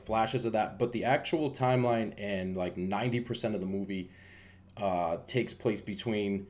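A man's voice: lowish voice, a little mellow. Rambling man giving a casual movie review. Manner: rambling, many fillers and restarts.

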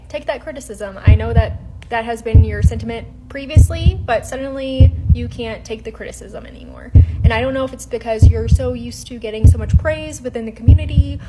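A woman's voice: a little high, poor audio. A woman giving heated, firm commentary to camera, stressing each point. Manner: indignant, firm, emphatic.

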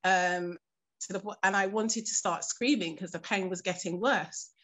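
A woman giving personal testimony for a documentary interview, with a voice in the middle of the usual range for a woman. She speaks earnestly and haltingly, with many pauses and fillers. She keeps her composure as she recounts something painful. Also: mid-range voice, a bit bright.

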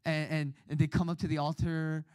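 A man in his thirties preaching a sermon over a video call, telling a personal story with lively acted-out voices. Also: on the high side, brisk, no room sound. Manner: animated storytelling, acts out quoted voices.

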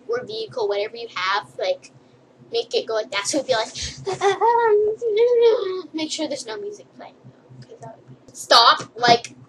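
Brief: high-pitched young female vlogger, playful and rambling, tossing off jokey tips. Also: sharp tone, a little hiss or hum, poor audio. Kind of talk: silly comedic list vlog.

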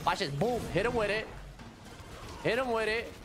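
A man streaming a video game live, trash-talking opponents with loud, profane taunts and catchphrases. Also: high-pitched, expressive, normal speed. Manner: hyped, profane trash talk. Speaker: gaming streamer. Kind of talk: live gameplay commentary. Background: music.

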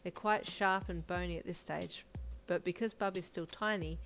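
A woman's voice: lowish voice, fairly even intonation, normal speed, fairly bright tone, soft background music. A woman voicing a blunt male doctor. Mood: matter-of-fact. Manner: blunt, clinical.

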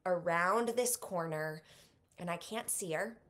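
Interview guest, woman in her thirties, slightly low voice, vivid emotional storytelling, softens and slows at tender moments. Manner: vivid retelling, speaks softly and slows at moving moments. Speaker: author guest.

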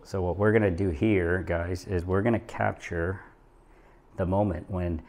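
Excited, emotional man vlogging to camera. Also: low voice, measured pace. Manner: excited, emotional, talks straight to viewers. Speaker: real estate agent. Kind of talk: vlog narration to camera. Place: condo overlooking the ocean.

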